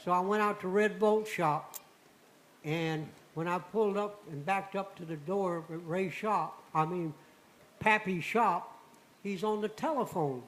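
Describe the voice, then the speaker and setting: An older man, a returning radio guest, telling a personal story in a folksy, animated way and acting out the dialogue. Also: high-pitched, measured pace, low-quality recording.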